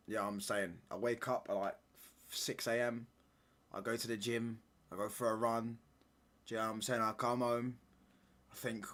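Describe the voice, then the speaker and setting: A man's voice: on the low side, a bit bright. A young man, chatting casually with his live-stream viewers, full of slangy banter that he tags with "mate" and "pal". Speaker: football watchalong streamer.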